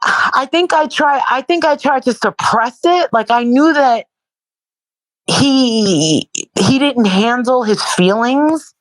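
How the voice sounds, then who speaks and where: In a high, expressive voice and at a slow pace, the interview guest, sore and exhausted from protesting, chats casually with blunt, profane language and bursts of repetition. The recording has no echo and is rough.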